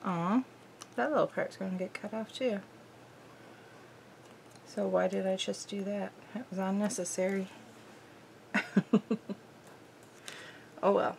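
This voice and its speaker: Bubbly woman with a gravelly voice. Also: medium pitch, slow, pauses often, slight background noise. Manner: bubbly and easily excited, thinking aloud. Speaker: craft video host. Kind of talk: casual crafting chat.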